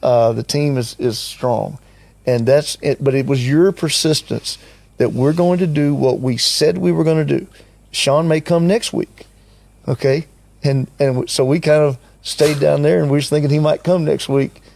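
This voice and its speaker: A man's voice: fairly high pitch, steady tone, normal speed, creaky, a little mellow, no room sound. An older man telling a story in casual conversation, acting out what others said and chuckling often. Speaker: team member recounting a trip.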